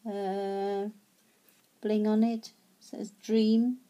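A woman talks through her handmade craft tags in a casual, chatty way. She speaks slowly with a warm, mellow tone, often stumbling over words and restarting. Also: medium pitch, flat delivery. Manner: chatty, hesitant, many fillers and restarts. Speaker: craft vlogger. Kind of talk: casual show-and-tell.

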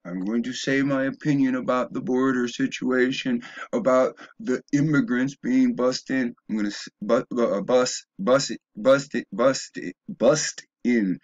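A video blogger delivers a rambling opinion monologue, often stumbling and restarting before rising into emphatic bursts. His medium-pitched voice is steady, unhurried and a little mellow, and the sound is lo-fi.

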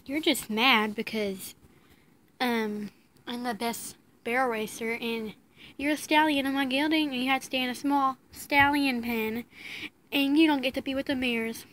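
A woman's voice: high voice, steady tone, moderate pace, a bit bright. A woman voicing a cocky male gelding horse who taunts and boasts in toy horse play-acting. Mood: teasing.

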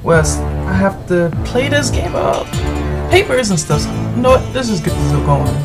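A gamer giving rambling, exasperated commentary while playing, yelling at the game's characters. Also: medium pitch, big pitch swings, normal speed, gravelly, loud music behind the voice. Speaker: let's play gamer. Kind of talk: gameplay commentary.

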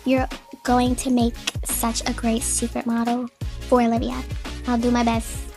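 A woman's voice: fairly high pitch, completely flat delivery, unhurried, music in the background. A woman reading a caring celebrity best friend.

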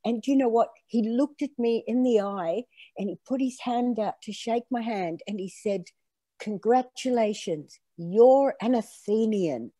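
An older woman raised in Australia and born in Greece, telling her story in an animated, conversational interview. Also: fairly high pitch, normal speed, no echo, clean studio sound. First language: Greek. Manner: animated storyteller acting out quoted dialogue. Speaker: author being interviewed.

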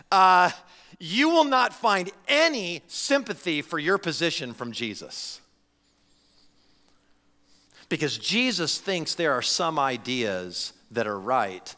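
In a church sanctuary, a pastor in his forties delivers a sermon in a slightly high, bright, forceful voice that fills the big room. He acts out the voices of the people he quotes.

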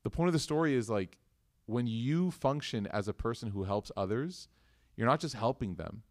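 A man's voice: medium pitch, lively intonation, moderate pace, no room sound, studio quality. A man teaching a religious class, telling a story casually and animatedly before closing in prayer. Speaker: Islamic teacher.

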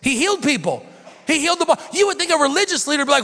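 An American pastor in his forties preaching a sermon, swinging from shouted intensity to a hushed near-whisper. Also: extremely high pitch, very animated, rapid-fire. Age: 40s. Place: church sanctuary. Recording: reverberant church sanctuary.

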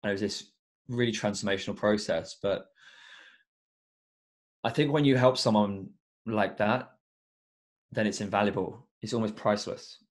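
A man's voice: on the low side, steady tone, moderate pace, long pauses. A young man who works as an education coach, talking earnestly and reflectively as a guest on a podcast, with many fillers. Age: young adult. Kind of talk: casual podcast interview.

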